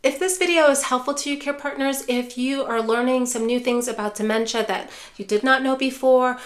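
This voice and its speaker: A woman's voice: high voice, a little fast. A woman who teaches dementia care, speaking straight to viewers and often calling them care partners. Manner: calm, repeatedly addresses viewers as care partners. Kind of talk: direct-to-camera teaching.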